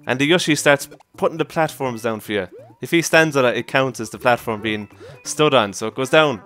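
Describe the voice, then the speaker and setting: A man giving casual commentary over his own gameplay, excitable, often exclaiming and laughing at his mishaps. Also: medium pitch, fairly quick, hardly any pauses, soft background music. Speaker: let's play commentator.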